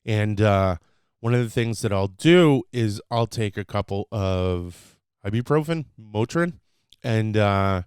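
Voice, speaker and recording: A man talks through his own podcast at an easy, unhurried pace, his voice smooth and clear. The sound is dry and close. He rambles casually with plenty of fillers, breaking now and then into sudden excited bursts. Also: lowish voice, no echo. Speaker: podcast host. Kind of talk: casual solo podcast, teaching phrases.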